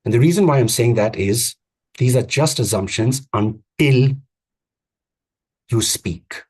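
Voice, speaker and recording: A man giving a live online coaching talk on vocal presence, speaking emphatically with repeated phrases and deliberate pauses. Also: medium pitch, a little mellow, breathy edge. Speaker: communications coach. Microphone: video call.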